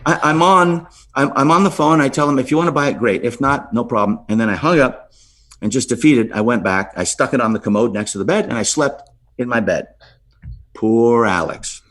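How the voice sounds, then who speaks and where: A middle-aged man, a podcast guest, telling a story with lively swings in pitch and frequent "right?" asides. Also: normal speed.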